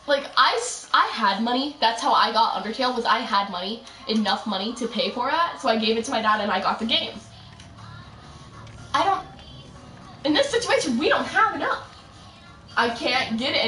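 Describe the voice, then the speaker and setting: A chatty young woman rambles through her game, hopping between asides. Her voice sits a little high and comes from a step back from the mic. The room echoes around her and faint music plays underneath. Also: lively intonation, normal speed, pushed and bright, distant mic. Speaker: gaming streamer. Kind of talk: casual gameplay commentary.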